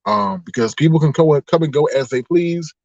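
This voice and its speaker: A man chatting casually on a livestream with his viewers, animated and laughing often as he drifts into preachy asides. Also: fairly high pitch, moderate pace, no room sound, highs cut off. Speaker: online streamer.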